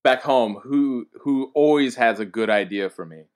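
A man's voice: mid-range voice, normal speed, clean tone. A man co-hosting a podcast, easygoing, laughing and explaining things in casual banter. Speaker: podcast co-host.

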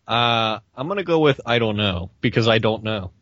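A man's voice: on the low side, lively intonation, normal speed, a bit bright, dry recording, highs cut off. A man joking wryly as a panelist on a casual podcast. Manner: wry, joking.

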